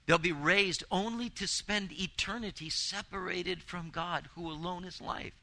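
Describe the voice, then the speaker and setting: Guy preaching a sermon, really bright ringing voice, kinda high, leans hard on repeats. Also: a little slow, poor audio. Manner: earnest, emphatic preaching with rising intensity and repeated phrases. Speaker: pastor.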